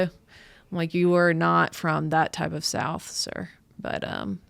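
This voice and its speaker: A woman in her thirties, a comedian hosting her own podcast, rambling through a casual monologue with halting restarts. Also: lowish voice, flat delivery, vocal fry, no room sound. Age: 30s. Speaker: podcast host and stand-up comedian.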